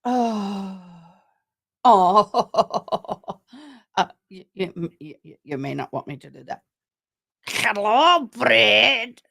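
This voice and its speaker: Slow-talking Tennessee woman streamer. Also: medium pitch, animated, vocal fry, slightly rough, dry recording, clean studio sound. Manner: chatty, warmly thanking viewers by name. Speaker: livestream host commenting on a trial. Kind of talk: casual live commentary.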